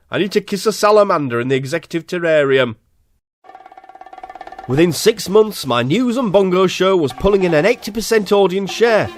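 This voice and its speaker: A man with a Yorkshire accent narrating an absurd comic story in a dry, mock-earnest way. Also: on the high side. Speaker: comedy podcast narrator. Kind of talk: deadpan absurd comic monologue.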